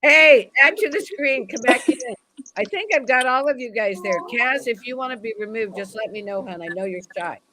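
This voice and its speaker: A woman's voice: fairly high pitch, animated, normal speed, rough recording. A woman hosting a livestream interview, greeting guests affectionately and calling them honey. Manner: warm, calls guests "honey", gets teary. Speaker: host.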